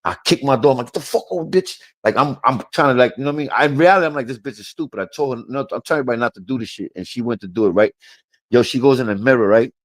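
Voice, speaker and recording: A man telling an animated, profane story in casual talk on a live panel stream. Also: mid-range voice, racing, dry recording.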